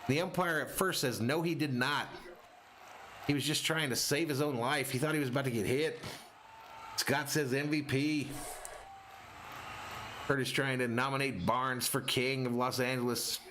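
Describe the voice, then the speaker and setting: A man hosting a live fan play-by-play stream, calling the game and reading chat messages with excitable energy. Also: medium pitch, moderate pace, long pauses, a little hiss or hum. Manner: excitable, rises sharply on big plays.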